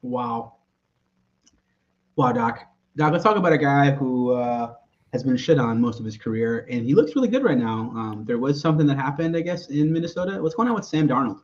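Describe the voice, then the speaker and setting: A man's voice: mid-range voice, lively intonation, fairly quick, a little mellow. Man, casual podcast host, easygoing, muffled lo-fi sound. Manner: laid-back, profane, laughs easily. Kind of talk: casual sports podcast chat.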